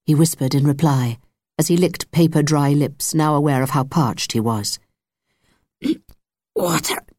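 Low-voiced woman reading an audiobook. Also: darkish tone, no echo, studio quality. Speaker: audiobook narrator. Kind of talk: scripted narration.

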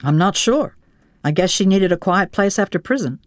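A woman reading an audiobook, voicing an older man who speaks quietly and hesitantly over a phone line. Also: medium pitch, lively intonation, normal speed, no echo, clean studio sound, close to an everyday voice. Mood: subdued.

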